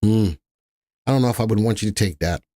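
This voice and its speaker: A man hosting a live stock market analysis stream, chatty and thinking aloud, spelling out ticker letters slowly. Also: on the low side, mellow, no echo, clean studio sound. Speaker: stock market show host.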